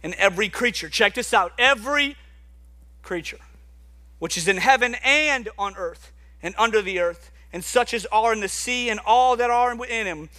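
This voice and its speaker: Preaching with real energy, this young man has a high voice and speaks at a normal speed. He alternates hushed stretches with loud, emphatic outbursts.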